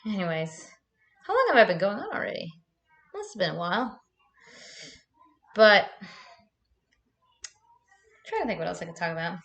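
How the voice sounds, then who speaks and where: A woman's voice: mid-range voice, big pitch swings, moderate pace, long pauses, fairly bright tone. A young woman chatting casually on a live stream, laughing often and swearing freely.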